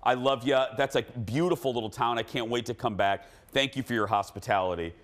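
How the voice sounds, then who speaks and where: Loud, animated middle-aged talk show host. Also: male voice, medium pitch, brisk. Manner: loud, animated, laughs at his own stories. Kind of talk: casual chat, storytelling.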